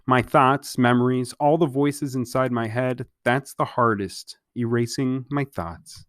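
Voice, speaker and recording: A man reading aloud and voicing a dreamy, whimsical teenage girl who speaks softly and slowly. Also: mid-range voice, fairly even intonation, dry recording, clean studio sound, natural voice.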